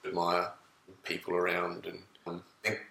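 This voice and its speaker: A man's voice: sits low, completely flat delivery, normal speed, vocal fry, pushed and bright, echoey room, poor audio. A man, thinking aloud in a casual chat with restarts. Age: 30s. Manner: thoughtful, rambling with restarts.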